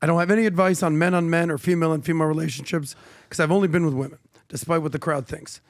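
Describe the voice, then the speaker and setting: Brash high-voiced man giving advice. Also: fairly even intonation, racing, dry recording, studio quality. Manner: brash, preachy, confident. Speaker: co-host. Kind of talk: casual chat, giving advice.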